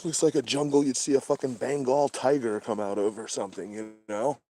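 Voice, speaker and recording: A man hosting a livestream outdoors at night, talking casually and swearing a lot, often dropping to a hushed whisper. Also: mid-range voice, fairly even intonation, fairly quick, a little hiss or hum. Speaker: livestream host. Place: outdoors at night in brush by a creek.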